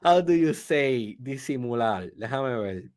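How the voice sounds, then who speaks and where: A young Spanish-speaking man, a podcast host, tells a story in a casual motivational monologue with loose, non-native grammar, animated and laughing as he goes. His voice is medium-pitched and unhurried. The studio recording is clean, with no echo.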